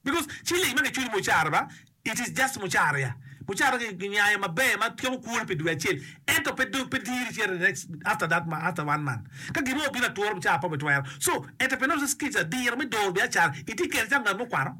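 A man with a high-sitting, bright, forceful voice and a breathy edge gives an animated, fast, casual talk on education and community. He's emphatic, often repeats himself, checks in with his listener, and mixes English with a local language as he explains.

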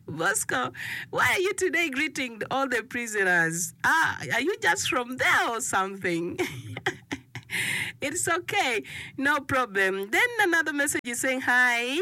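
Woman, radio presenter, reads listener messages, playful teasing banter, bright voice. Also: a little high, no echo. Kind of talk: reading listener requests on air. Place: radio studio.

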